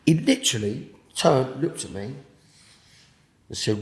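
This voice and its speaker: A man with a British accent giving an emotional personal testimony in an interview, halting and repeating words, sinking to a hush at the most intense moments. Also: mid-range voice, animated, echoey room. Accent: British English. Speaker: interviewee telling his testimony.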